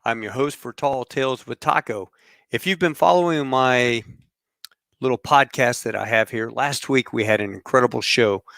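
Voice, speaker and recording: Chatty podcast host, smooth voice. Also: male voice, mid-range voice, no echo, clean studio sound. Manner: relaxed, rambling with fillers and aviation slang. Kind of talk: casual podcast chat.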